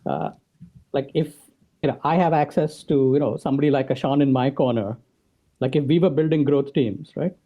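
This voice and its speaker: Interviewed on a podcast, a man with a mid-range voice talks briskly through his ideas, often ending points with "right?" The recording is muffled.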